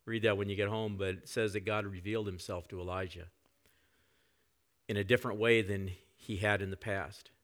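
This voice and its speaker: A male pastor preaching a conversational sermon, often dropping to soft reflective tones. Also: lowish voice, steady tone, moderate pace.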